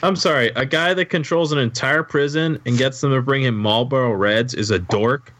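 A man argues his side with a teasing, combative edge on a casual podcast panel, his voice at a middle pitch. A faint hiss runs underneath. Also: normal speed, a bit bright.

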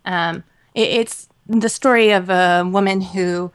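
A podcast co-host chats casually, her mid-range voice slow and smooth. She rambles animatedly, full of fillers and laughter.

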